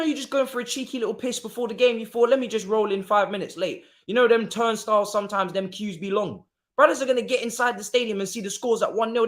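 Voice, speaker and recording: A man's voice: very high voice, fairly bright tone. A young man streaming a live football watchalong, talking in slangy, exclamatory bursts and muttering asides to himself.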